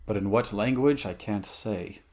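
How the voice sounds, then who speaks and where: A man doing a gruff barbarian warrior. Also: on the low side, unhurried, a little mellow, close to an everyday voice. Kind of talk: audiobook character reading.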